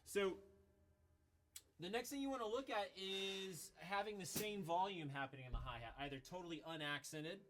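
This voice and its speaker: A man giving a casual drum lesson, explaining in a relaxed way with some self-corrections. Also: high voice, moderate pace, slight background noise. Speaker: drum teacher. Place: music school room. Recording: voice between loud drum playing. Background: drum kit playing.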